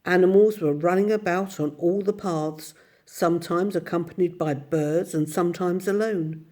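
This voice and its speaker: A woman reading a children's story aloud as narrator, steady and expressive. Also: lowish voice. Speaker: audiobook narrator.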